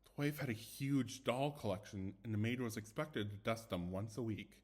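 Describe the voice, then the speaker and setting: A man's voice: on the low side, normal speed, a little mellow. A young man casually reading ghost stories aloud, chatty and stumbling over words, with asides, recorded without a proper microphone. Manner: chatty, self-commenting, stumbles and restarts. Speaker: story reader. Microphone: no dedicated microphone.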